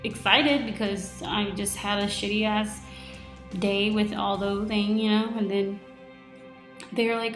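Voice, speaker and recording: A woman's voice: mid-range voice, flat delivery, slow, reverberant, soft background music. A woman in her twenties telling her day in a casual video diary, chatty and full of "like", acting out what people said to her. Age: 20s. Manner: chatty, lots of "like", retells with quoted reactions. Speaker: vlogger.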